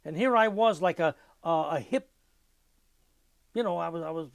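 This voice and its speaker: An older man giving an oral history interview, telling lively anecdotes and mimicking music with his voice. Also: on the high side, moderate pace, creaky, pauses often, no room sound.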